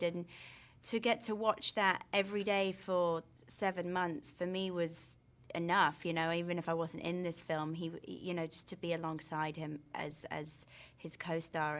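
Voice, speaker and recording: A woman speaking as an actress in a film press interview, recounting things with gushing enthusiasm. Her voice sits a little lower than most women's. She talks in an eager, wholehearted way throughout.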